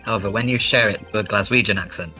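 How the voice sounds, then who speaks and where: A woman voicing a cool, formal male prosecutor with measured, deliberate speech while reading game dialogue. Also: rumbling low, bright, forceful tone, faint music behind, voice pushed down. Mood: composed.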